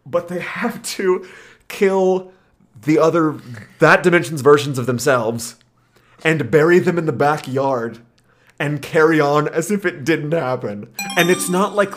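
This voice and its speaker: A man co-hosting a casual podcast chat, telling stories in an animated way and laughing often. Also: a little high. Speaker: podcast co-host.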